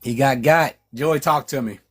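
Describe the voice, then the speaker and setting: A man, the author, reading his own novel aloud in a measured way with frequent restarts, then chatting with his listeners. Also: mid-range voice.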